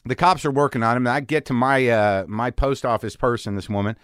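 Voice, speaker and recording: A man hosting a podcast, telling a story in a casual, animated way and acting out the people in it. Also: medium pitch, fairly quick, smooth, no room sound, studio quality. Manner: animated, acts out the people in his stories. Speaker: podcast host. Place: home garage studio.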